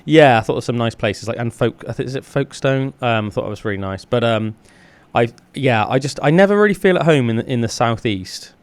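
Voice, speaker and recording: A man from the South West of England chats on a podcast, fast and full of fillers. His voice is mid-pitched and close, with a dry sound and no room around it. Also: expressive, no room sound. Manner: rambling, enthusiastic, lots of fillers. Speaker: podcast co-host. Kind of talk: casual chat.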